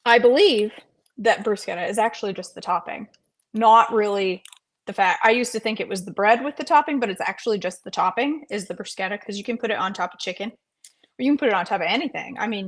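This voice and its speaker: A middle-aged woman, chatting casually on a cooking livestream and greeting viewers by name with playful sing-song asides. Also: medium pitch. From North Carolina, USA. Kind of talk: casual live-stream chat while cooking.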